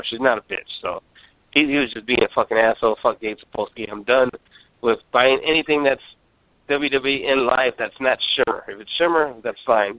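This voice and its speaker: A San Antonio podcast host with a mid-range male voice chats casually in a constant stream of rants, rambling, and swearing. The audio has no echo and sounds like a phone-line call-in.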